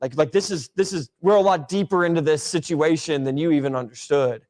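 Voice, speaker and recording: A man with a fairly high voice leads a Bible class in a church classroom. His talk is loose and conversational, full of fillers and restarts, circling around as he explains. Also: a little fast, darkish tone. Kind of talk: casual Bible class discussion.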